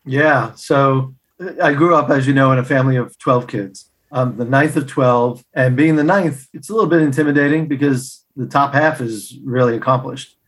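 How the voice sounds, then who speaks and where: A middle-aged man, a podcast guest, telling personal stories in an animated way and acting out the dialogue. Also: medium pitch, moderate pace, hardly any pauses. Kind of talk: storytelling interview answers.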